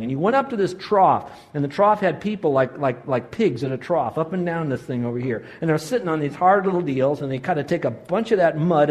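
A man in his sixties preaching a sermon, telling a story with animated delivery and acted-out quotes. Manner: animated storytelling, voices quotes with big pitch jumps. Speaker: pastor.

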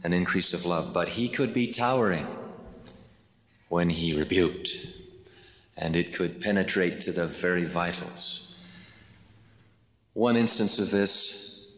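Man, sermon, deliberate storytelling, low voice, roomy echo. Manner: slow, deliberate storytelling with dramatic pauses. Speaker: religious speaker. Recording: echoey hall, dull lo-fi sound.

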